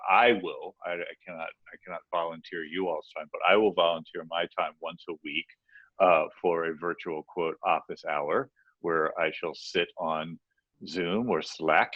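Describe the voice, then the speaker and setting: Low-voiced, rambling male podcast host. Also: steady tone, moderate pace, dry recording, lo-fi sound. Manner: rambling, playful, restarts often. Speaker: podcast co-host, music business advisor. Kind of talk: casual podcast chat.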